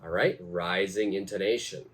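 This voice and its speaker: A man teaching an English lesson, speaking slowly and repeating each phrase for learners. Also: sits low, steady tone, slightly rough. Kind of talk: slow, deliberate teaching.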